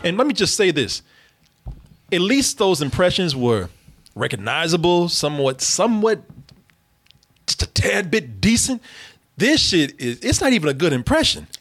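A man's voice: high-pitched, sing-song, normal speed, long pauses, fairly bright tone. A man co-hosting a podcast, ranting in an exasperated, profane, repetitive comedic way. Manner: exasperated, repetitive, swears freely. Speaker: podcast co-host reviewing a movie.

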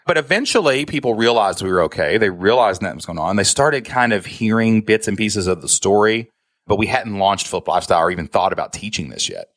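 A man's voice: on the low side, expressive, brisk, a bit bright, no echo. A man, a podcast guest telling his story with candid, emotional earnestness and a frequent "man". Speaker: guest, online business founder.

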